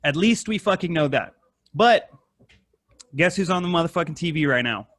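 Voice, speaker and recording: A man hosting a casual podcast, rambling and swearing a lot, with animated retellings of stories. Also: fairly high pitch, normal speed, no room sound. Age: adult with wife and kid. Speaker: podcast host. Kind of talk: casual profane chat.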